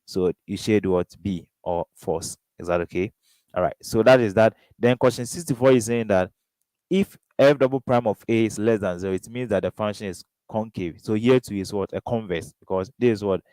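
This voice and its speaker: A man's voice: lowish voice, normal speed, darkish tone, no room sound, low-quality recording. A man with a Ghanaian English accent tutoring through exam questions, constantly prompting with "what?" before giving each answer. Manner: question-and-answer drilling, keeps asking "what?". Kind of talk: exam revision lesson.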